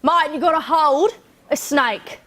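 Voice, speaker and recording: A young woman imitating an excitable young man who keeps calling her mate. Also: sits high, a little slow, a little hiss or hum, pitched above the performer's own voice. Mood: excited. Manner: eager, insistent.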